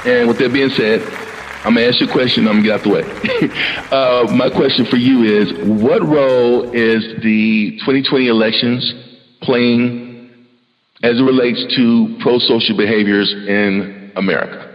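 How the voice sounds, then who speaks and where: A man hosting a podcast panel, praising his guests warmly and stumbling over repeated words. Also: mid-range voice, fairly even intonation, normal speed, big-room sound, highs cut off, faint music behind, some chatter behind. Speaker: podcast host. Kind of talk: emotional panel introduction.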